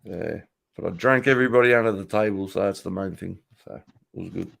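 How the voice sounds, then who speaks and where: A man's voice: low voice, fairly quick, creaky, a bit bright. A middle-aged Australian man hosting a casual livestream from a home office, swearing freely, joking and laughing often as he answers chat. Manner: profane, jokey, laughs often, reacts to chat. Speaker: livestream host.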